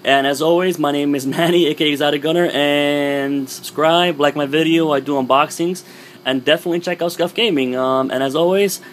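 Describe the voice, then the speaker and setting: A young man who is losing his voice, casually reviewing his game controller in a rambling, relaxed way with lots of fillers. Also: fairly high pitch, a little fast, a little hiss or hum. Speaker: gaming vlogger.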